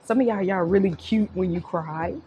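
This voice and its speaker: A woman's voice: lowish voice, normal speed, mellow, a little hiss or hum. A young woman giving a casual tarot reading. She swears freely and laughs often. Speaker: tarot reader.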